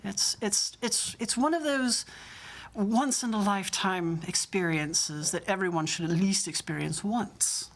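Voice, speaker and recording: A woman playing a courtly vampire with a put-on posh West End English accent, smooth and flattering. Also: medium pitch, measured pace. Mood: charming.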